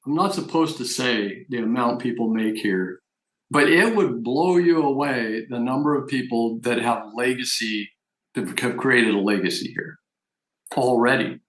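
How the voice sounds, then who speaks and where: A man gives a persuasive business opportunity presentation and leans hard on the numbers he wants his listeners to remember. His voice sits at an ordinary middle pitch. The recording carries a noticeable room echo. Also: a little slow, fairly bright tone. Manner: persuasive, emphatic sales talk. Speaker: network marketing presenter.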